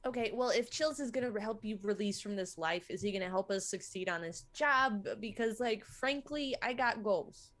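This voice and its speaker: A woman's voice: mid-range voice, moderate pace, few pauses, a bit bright. Sassy woman player. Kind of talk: in-character role-play.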